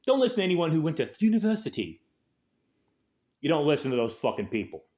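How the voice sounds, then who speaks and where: A man's voice: a little high, sing-song, fast. A man hosting a show, delivering an angry, aggressive political rant full of swearing. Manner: angry, aggressive, heavy swearing, shouted peaks. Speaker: host.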